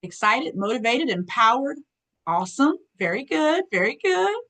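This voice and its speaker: A woman presenter running a live online workshop, lively and folksy, often clearing her throat as she talks to her audience. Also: fairly high pitch, moderate pace, rough recording. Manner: lively, folksy, calls audience girl and y'all.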